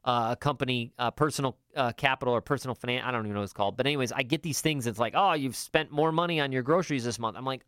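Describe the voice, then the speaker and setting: A middle-aged man hosts a casual advice talk and coaches his listeners emphatically, stumbling over fillers and restarts as he goes. His voice sits at a middle pitch and sounds dry and close. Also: racing, hardly any pauses, a bit bright, clear, resonant tone, no echo. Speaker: podcast host.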